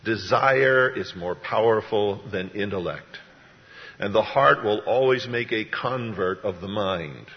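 A man's voice: fairly low pitch, a little slow. A man preaching a sermon as pastor, talking in a folksy, conversational way. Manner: conversational, folksy storytelling with acted-out voices. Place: church. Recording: dull, echoey church hall sound.

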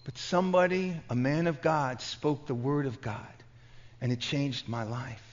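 A pastor with a New York accent gives a conference sermon in an unhurried mid-range voice. He tells stories passionately, often stammering and restarting. The lo-fi recording sounds dull.

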